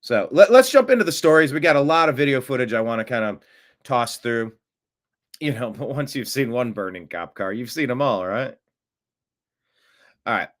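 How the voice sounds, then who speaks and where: A man hosting a solo political commentary show, talking off the cuff in a sarcastic, animated way and jumping his pitch up for mocking asides. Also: normal speed, long pauses. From United States.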